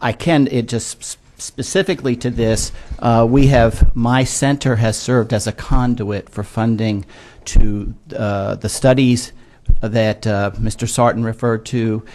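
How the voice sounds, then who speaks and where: A man in his sixties, a disability education expert, testifying to legislators in a measured, earnest way with frequent filler words. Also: lowish voice, a little mellow. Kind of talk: formal testimony. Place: legislative hearing room.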